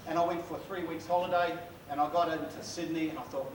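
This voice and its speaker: A man's voice: fairly high pitch, fairly even intonation, fast. A middle-aged man with a New Zealand accent telling funny stories in a casual, joking keynote and bantering with the audience. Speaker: keynote speaker. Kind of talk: humorous keynote storytelling. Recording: echoey hall, far from mic, noisy.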